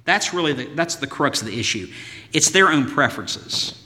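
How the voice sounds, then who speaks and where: Male pastor, sermon, bright ringing voice, fairly high pitch, emphatic rhythmic delivery, long hall echo. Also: lively intonation, normal speed. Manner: emphatic, rhythmic lists and rhetorical questions.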